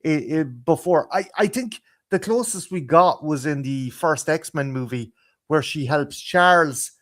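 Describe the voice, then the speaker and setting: This is a man with an Irish accent on a casual live-stream chat, his voice a little higher than most. He trips over his own words again and again, repeating himself before he gets going. When something annoys him he turns loud and profane. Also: animated, unhurried. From Ireland. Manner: rambling, stammering restarts, bursts into loud swearing rants. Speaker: guest podcaster. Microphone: video call.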